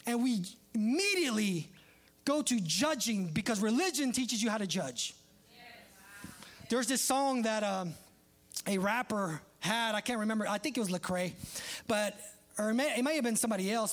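A preacher giving a sermon in a conversational style, with joking asides and laughter. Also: mid-range voice.

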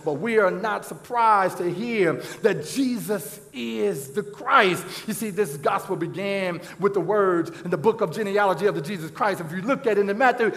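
A pastor preaching a sermon, with constant "uh, uh" restarts and bursts of shouted emphasis. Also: male voice, high-pitched. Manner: stammering restarts, strings of "uh, uh, uh". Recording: long hall reverb.

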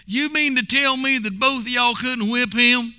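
A man's voice: very high-pitched, moderate pace, bright, forceful tone, smooth, faint music behind, voice pushed up, heavily acted. A man voicing a blunt, stern rural father.

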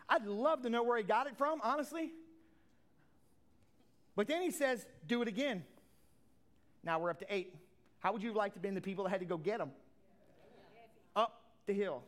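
A man preaching a sermon as a pastor, swinging from loud declarations to hushed asides, with folksy plain talk. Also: very high-pitched, normal speed, pauses often.

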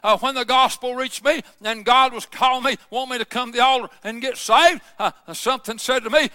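High, bright-voiced fervent preaching man. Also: moderate pace, no echo, studio quality. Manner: impassioned preaching that swells into shouts, many "uh" fillers. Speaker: pastor. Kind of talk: fervent sermon.

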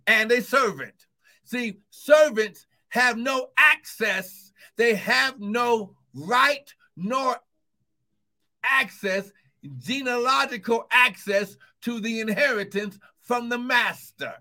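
A man preaching a sermon to an online audience, fervent and breaking into shouts, calling out repeated encouragements. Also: high voice. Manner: fervent, bursts into shouts of "woo, glory"; calls out repeated encouragements to listeners. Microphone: streaming live to online viewers.

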